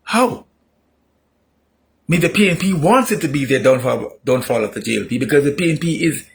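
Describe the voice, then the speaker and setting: A man delivering an opinionated political monologue, repeating himself emphatically and rising into shouts. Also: a little high, lively intonation, fairly quick, vocal fry. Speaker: political commentator.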